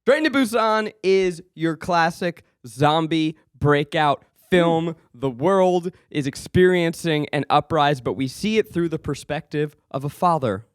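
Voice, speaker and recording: A man co-hosting a casual podcast, animated as he walks through the story. His voice sits fairly high for a man. The close mic leaves it dry. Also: unhurried, hardly any pauses, smooth, dry recording. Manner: animated, gives the plot summaries. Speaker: podcast co-host.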